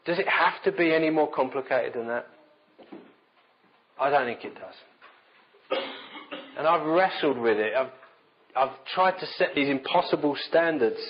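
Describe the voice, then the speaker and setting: A man's voice: on the high side, lively intonation, measured pace, pauses often, lo-fi sound, slight background noise. A man preaching a sermon in a conversational, self-deprecating storytelling manner.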